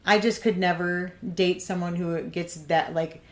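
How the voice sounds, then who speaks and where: A middle-aged woman co-hosting a podcast with her daughter, making calm, motherly remarks. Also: lowish voice, measured pace. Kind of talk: casual chat.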